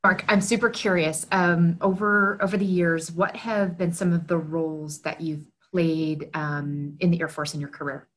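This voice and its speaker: A woman with a notably low voice hosts an interview, asking questions with curiosity. She feels her way through each question, hesitating with fillers. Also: steady tone, normal speed, few pauses. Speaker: podcast host.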